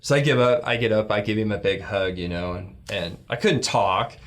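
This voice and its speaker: Middle-aged male guest, low-ish voice, rambling heartfelt storyteller. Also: normal speed. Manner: rambling, heartfelt, acts out quoted lines in a higher voice. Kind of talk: storytelling in a church talk show.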